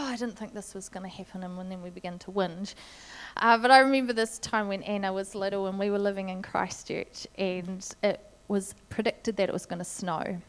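A middle-aged woman delivers a sermon to her congregation. She talks in a relaxed, conversational way, telling stories as she goes, and her voice sounds smooth and clear. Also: mid-range voice. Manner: conversational storytelling with light laughs. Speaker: preacher.

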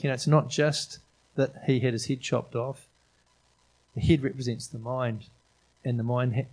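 A man's voice: medium pitch, darkish tone, slightly rough, low-quality recording. A middle-aged man preaching an informal sermon in a chatty, enthusiastic way, often restarting his sentences. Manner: conversational, enthusiastic, frequent restarts and fillers.

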